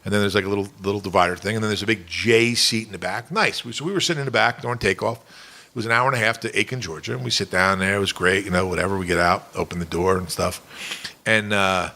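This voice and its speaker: Man, low gravelly voice, bright tone, rambling animated podcast storytelling. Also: quick pace. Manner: rambling, animated, many fillers and quoted voices. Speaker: podcast regular telling a story. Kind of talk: casual storytelling.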